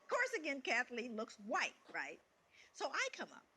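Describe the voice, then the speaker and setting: A middle-aged woman telling a personal story in an animated way, acting out the people in it. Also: sits high, moderate pace, breathy edge. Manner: animated, acts out quoted voices, laughs between lines. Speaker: guest speaker sharing a personal story. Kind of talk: storytelling talk.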